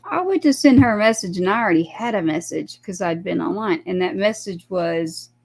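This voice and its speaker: A woman's voice: mid-range voice, brisk, creaky. A woman, a guest on a talk show, telling a personal story in casual chat and acting out the voices of the people in it. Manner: animated, acts out quoted dialogue.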